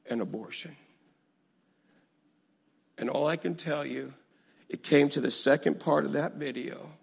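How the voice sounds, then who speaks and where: A male minister preaching a sermon, swinging from hushed storytelling to booming emphasis with a repetitive cadence. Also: gravelly, big-room sound.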